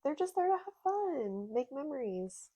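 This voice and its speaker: A woman's voice: sits high, sing-song, moderate pace, mellow. A woman co-hosting a podcast, listening and chiming in with short, supportive replies in casual chat. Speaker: podcast co-host.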